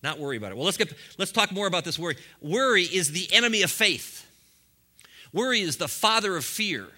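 Bright-voiced preaching man. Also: high voice, very animated, fairly quick. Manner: preaching with rising bursts and chuckles. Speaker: pastor. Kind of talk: sermon.

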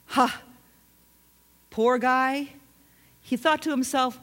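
A woman pastor preaching a sermon in an earnest, emphatic way, slowing into soft drawn-out passages. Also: fairly high pitch, animated.

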